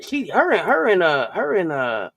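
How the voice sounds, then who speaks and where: Lively, animated man. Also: high-pitched, moderate pace, creaky, no echo. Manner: animated, repeats himself, loose and chatty. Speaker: co-host. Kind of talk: casual sports talk.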